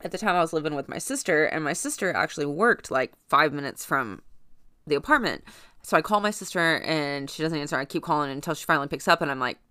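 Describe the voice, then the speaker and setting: A woman's voice: sits low, animated, quick pace, sharp tone, no echo, clean studio sound. A young woman casually telling a personal story in a blunt, profane, rambling way, full of fillers.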